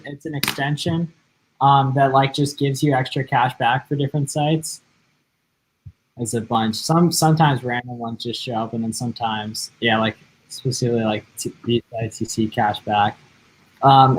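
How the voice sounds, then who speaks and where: A man co-hosting a laid-back livestream, speaking at a middle pitch and in an everyday tone. He rambles through his answers, packing them with "like" and "um" as he thinks aloud. The talk is loose and conversational, recorded on a desk mic. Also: poor audio. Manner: rambling, heavy use of "like" and "um" fillers. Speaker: livestream co-host answering viewer questions. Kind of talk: casual livestream chat.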